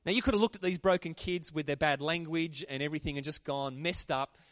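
A man preaching a sermon, animated and calling out to the congregation for responses. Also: a little high, fast talker, no echo, studio quality. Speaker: pastor.

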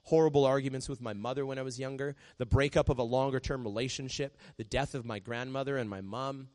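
A man preaching from the stage in a relaxed, talking style. His pitch sits at an ordinary middle level. When he acts out a prayer he drops into a quiet, gentle hush. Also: fast. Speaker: pastor. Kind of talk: sermon.

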